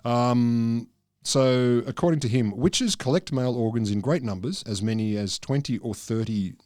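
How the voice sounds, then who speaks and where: A middle-aged man co-hosting a casual comedic science podcast, telling a history with dry, deadpan jokes. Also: mid-range voice, normal speed, no room sound. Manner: deadpan, dry jokey storytelling.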